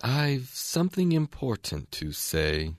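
A man voicing a languid, stern male caterpillar who smokes a hookah, speaking slowly and sleepily in a storybook reading. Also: medium pitch, very animated, dry recording, clean studio sound, pitched above the performer's own voice. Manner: slow, drawn-out, sleepy.

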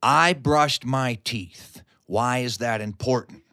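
A man voicing a dim-witted young male farm boy who asks slow, earnest, puzzled questions. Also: mid-range voice, pushed and bright, voice pushed down.

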